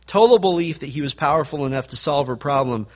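A male pastor preaching a sermon, building to emphatic peaks and then dropping to a quiet, low delivery. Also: quick pace.

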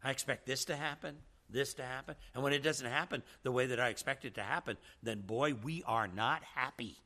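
A man's voice: mid-range voice, steady tone, fairly quick, pushed and bright. A man teaching a church seminar in a preaching style, emphatic and full of rhetorical questions.

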